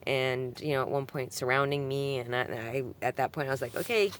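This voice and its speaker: A woman's voice: a bass voice, flat delivery, a little fast, a little hiss or hum. A woman talking in a casual, rambling vlog monologue at home, full of ums and likes, swinging from subdued to heated. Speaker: vlogger answering a comment. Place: at home with her cat.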